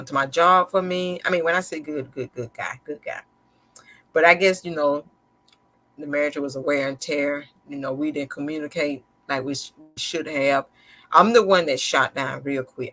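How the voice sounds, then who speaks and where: A woman's voice: sits low, a bit bright, a little hiss or hum. A woman hosting a live stream, telling viewers about her life in a candid, conversational way with a slightly sarcastic, slick edge and loose, repetitive phrasing. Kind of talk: casual personal storytelling to viewers.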